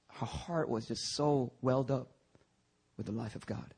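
A man's voice: mid-range voice, moderate pace, a little mellow, husky. A young man preaching a fervent church sermon, often breaking in with "hallelujah" in a sanctuary.

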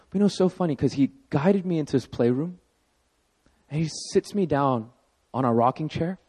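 A man in his thirties preaching a sermon as pastor, telling a personal story with animated emphasis. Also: medium pitch, a little fast.

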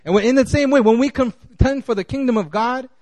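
A man with a high voice preaches in an easygoing, conversational way, tripping over restarts and little fillers. The sound is close and dry. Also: fairly quick, darkish tone, dry recording. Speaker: guest preacher. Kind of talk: casual sermon.

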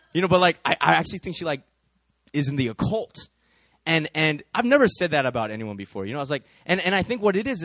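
Animated storytelling preacher man. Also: on the high side, dry recording. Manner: animated, repetitive fillers, laughs at own story. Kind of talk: storytelling sermon.

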